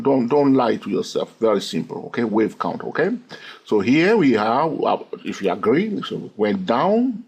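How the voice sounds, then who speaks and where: A man's voice: mid-range voice, a little mellow, slightly rough. A man teaching a chart-reading lesson, who keeps checking in with his listeners and counts the waves aloud. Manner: checks in constantly with "okay?" and "yes or no?". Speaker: trading instructor.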